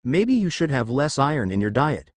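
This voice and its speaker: A man's voice: mid-range voice, sing-song, normal speed, a little hiss or hum, natural voice. A man reading as a haughty mutant leader. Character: proud older male mutant leader.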